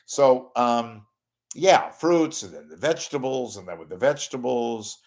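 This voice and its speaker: A man's voice: mid-range voice, lively intonation, unhurried, a little mellow. An older man hosting a casual livestream monologue, rambling, losing his thread and cracking bawdy jokes. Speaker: host.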